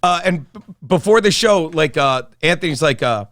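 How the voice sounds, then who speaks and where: A man's voice: fairly high pitch, animated, normal speed, a bit bright, no echo, studio quality. A middle-aged man from South Jersey, a comedian and guest co-host telling a long, rambling story with lots of profanity, laughing as he talks. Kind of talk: casual storytelling chat.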